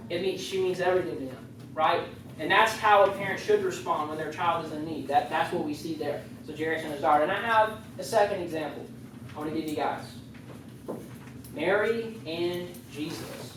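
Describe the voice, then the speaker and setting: Speaking far from the microphone, a youth leader offers a relaxed, jokey sermon and repeatedly wanders off into casual tangents. The voice is mid-pitched, and the youth group meeting room echoes heavily, with a light hiss underneath.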